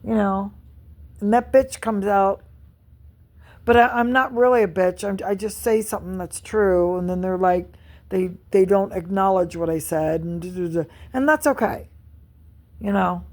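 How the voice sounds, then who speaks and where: A woman's voice: medium pitch, normal speed, darkish tone. A middle-aged woman venting angrily and profanely in a vlog monologue, repeating herself as she rants. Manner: angry, profane, repetitive venting. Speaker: vlogger.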